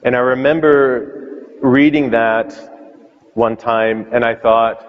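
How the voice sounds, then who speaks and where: A man's voice: mid-range voice, steady tone, takes it slowly. A man preaching a sermon as a priest, telling the story with questions to the listeners. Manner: storytelling, asks questions aloud. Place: church. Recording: muffled reverberant church sound.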